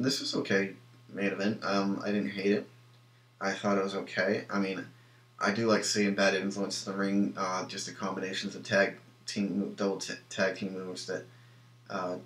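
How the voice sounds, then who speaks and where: A man's voice: deep voice, a bit bright. A young man giving a rambling, opinionated review of a wrestling show, full of ums and restarts. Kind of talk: casual solo review. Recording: echoey room.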